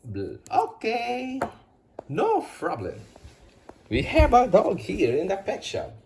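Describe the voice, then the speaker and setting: A woman voicing a friendly male pet shop owner in a toy play story, in a lowered, helpful tone. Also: huge pitch swings, takes it slowly, a little mellow, echoey room, slight background noise, exaggerated voice.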